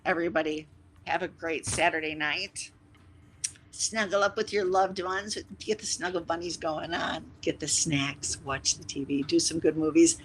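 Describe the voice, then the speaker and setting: Brief: live streamer, bright forceful tone, rambling and teasing chat, faint background hiss. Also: mid-range voice, low-quality recording. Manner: rambling, teasing, with sudden loud bursts and whispered asides. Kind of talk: casual chat with stream viewers.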